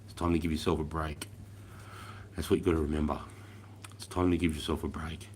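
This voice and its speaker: A very deep-voiced Australian man in his forties hosting a casual livestream. He rambles, swears freely and calls everyone mate. His sentences often trail off into a quieter mutter. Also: little pitch movement, a little fast, slight background noise. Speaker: livestream host.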